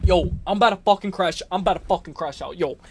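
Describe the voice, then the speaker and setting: A man hosting a live stream, ranting and joking in an excitable, profane way while reading viewer comments. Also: high voice, quick pace, a little hiss or hum.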